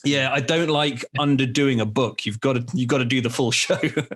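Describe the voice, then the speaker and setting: A young adult man hosting a podcast, telling rambling, animated stories in casual chat with many restarts. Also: medium pitch, normal speed. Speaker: podcast host.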